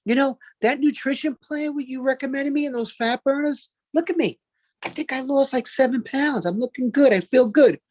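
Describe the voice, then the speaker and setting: A man voicing a chirpy, boastful middle-aged woman at the gym, in a high, gushing voice. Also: normal speed, darkish tone.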